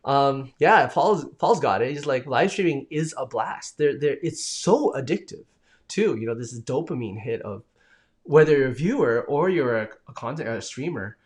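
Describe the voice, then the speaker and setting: A man's voice: mid-range voice, animated, moderate pace. A man hosting a live stream in a casual, rambling chat, reading out viewer comments and answering them with enthusiasm.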